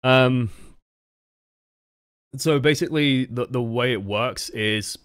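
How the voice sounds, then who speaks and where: A man's voice: medium pitch, takes it slowly, a bit bright, clean tone, dry recording, clean studio sound. An English man coaching over gameplay footage, talking in a casual, rambling and profane way. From England. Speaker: game coach. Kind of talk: gameplay review commentary.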